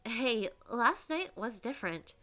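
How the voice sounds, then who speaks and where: A woman's voice: fairly high pitch, sing-song, measured pace, sharp tone, heavily acted. A woman voicing a young mermaid turned human, worried and pleading, in her everyday voice.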